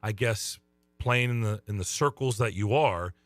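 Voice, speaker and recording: A middle-aged man who coaches youth baseball, co-hosting a sports radio show with a somewhat hoarse voice and teasing, upbeat banter. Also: fairly low pitch, normal speed, a bit bright, no room sound, faint music behind. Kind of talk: casual radio chat.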